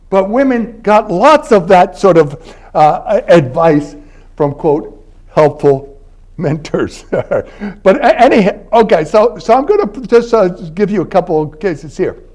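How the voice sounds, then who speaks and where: A man's voice: sits high, big pitch swings, a little slow, a little mellow. An older man from Philadelphia giving a university lecture in a conversational, anecdotal way, laughing between points. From Philadelphia, United States. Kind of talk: academic lecture. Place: university library event space.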